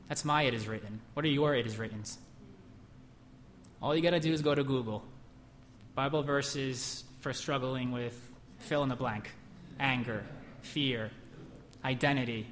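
A man's voice: medium pitch, normal speed, a bit bright, a little hiss or hum. A man preaching a sermon in a church, emphatic, asking the room questions and acting out whispered lies. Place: church hall. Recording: long hall reverb.

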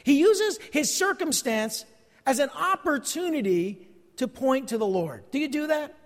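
A man's voice: very high voice, expressive, unhurried. A man in his forties preaching a sermon, earnest and conversational, asking his listeners questions. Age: 40s. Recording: long hall reverb.

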